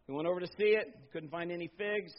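A middle-aged man preaching a sermon as pastor, swinging from loud emphatic bursts to low, quiet stretches. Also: quick pace. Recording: slightly dull lo-fi sound.

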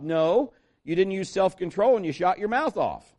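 A middle-aged male pastor with a high voice, preaching with lots of energy. He tells stories and acts out the people in them, and he moves quickly between plain teaching and quoted voices. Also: expressive. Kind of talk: sermon.

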